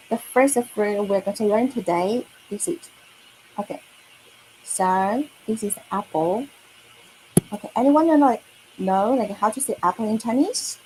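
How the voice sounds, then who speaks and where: A woman gives an online lesson at an unhurried pace, saying each word carefully and asking whether the learner follows. Her voice sits mid-range in pitch, and a faint hum of room ambience runs behind her. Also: darkish tone, low-quality recording. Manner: patient, repeats words slowly with many okays. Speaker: Mandarin teacher.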